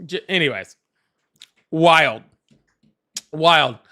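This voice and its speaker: A man hosting a live call-in political stream, animated, laughing often and thanking viewers. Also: fairly high pitch, drawn-out words. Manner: apologetic, excitable. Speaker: livestream host.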